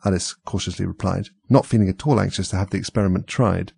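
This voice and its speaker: Man reading a kids story, low raspy voice, dry close mic. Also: fairly even intonation, fast, hardly any pauses, a little mellow, no echo. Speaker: reader.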